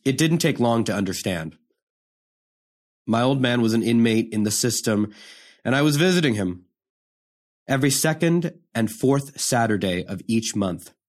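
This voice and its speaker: In this dramatic monologue, a man acts the part of a hardened young prisoner, bitter and confrontational, using profane street talk. The voice is medium-pitched and expressive at normal speed, with frequent pauses and only a light acting touch.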